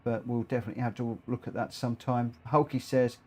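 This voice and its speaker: A man hosting a live racing game stream, talking excitedly and rambling, often tripping over his own words. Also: mid-range voice, quick pace.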